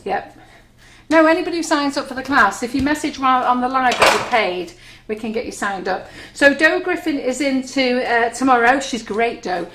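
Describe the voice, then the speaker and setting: A woman's voice: high voice, animated, moderate pace. Woman, cake decorating host, chatty and self-mocking, echoey kitchen. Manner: chatty, giggly, self-deprecating. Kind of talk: live cooking demonstration chat. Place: kitchen studio. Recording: echoey room, faint noise.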